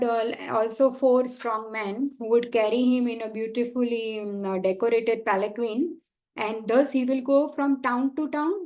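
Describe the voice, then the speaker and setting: A woman with a slightly high voice retells a story in a devotional class. She speaks in a storytelling way and fills her pauses with many small fillers. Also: a little mellow, low-quality recording.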